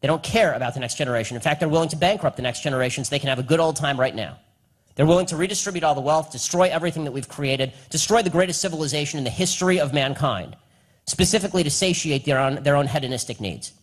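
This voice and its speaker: A young man giving a combative live speech and answering audience questions, with rapid, repetitive emphasis. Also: on the high side.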